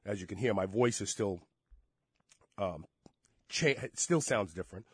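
A man hosting a talk radio show, congested and sick, rambling with animated swings from quiet asides to loud emphasis. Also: fairly low pitch, measured pace, slightly rough, dry recording. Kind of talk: casual talk radio chat.

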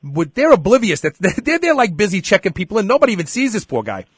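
A man's voice: high-pitched, fast talker, slightly rough, no echo, clean studio sound. A middle-aged man hosting a show, telling a story in casual chat and acting out the dialogue. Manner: animated storyteller, acts out dialogue. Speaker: show host.

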